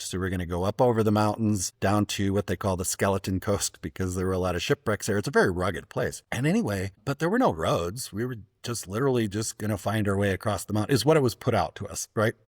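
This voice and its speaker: A man hosting a travel podcast who asks questions and tells his own stories, with thoughtful pauses and restarts. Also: on the low side, no room sound, studio quality. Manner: thoughtful, hesitant restarts, storytelling. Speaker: podcast host. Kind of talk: casual interview.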